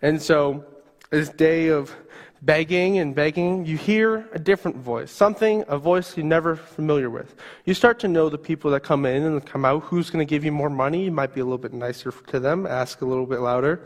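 A man's voice: fairly high pitch, a little fast, long reverb tail. A male youth pastor preaching, telling a vivid story in the second person. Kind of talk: sermon storytelling.

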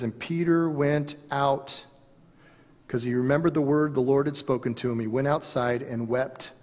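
A man's voice: mid-range voice, a little mellow, husky, big-room sound. A man pastor giving an earnest, conversational sermon.

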